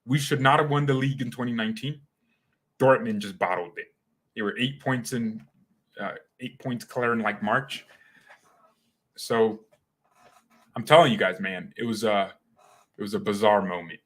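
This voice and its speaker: A young man hosting a casual fan livestream, talking in an animated, slangy, excitable way. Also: on the low side, normal speed, long pauses. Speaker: fan channel host.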